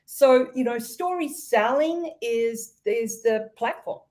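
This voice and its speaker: A woman from Australia with an Australian accent, a sales expert explaining her ideas in an interview, thoughtful and measured. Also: on the high side, a little mellow. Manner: thoughtful, measured, with ums and light laughs. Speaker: podcast guest, sales expert.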